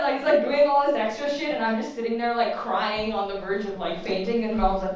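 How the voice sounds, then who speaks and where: A woman's voice: a little high, moderate pace. Young female stand-up comic, chatty and profane, laughs at her own lines; distant mic, very echoey room. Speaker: stand-up comedian. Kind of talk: stand-up comedy set. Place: student comedy open mic.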